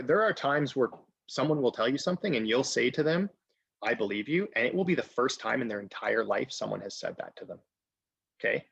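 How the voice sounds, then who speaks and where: A man's voice: fairly low pitch, vocal fry, fairly bright tone, husky, dry recording. A man presenting a training webinar, earnest and direct, often checking in with "okay?". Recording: dull lo-fi webinar audio.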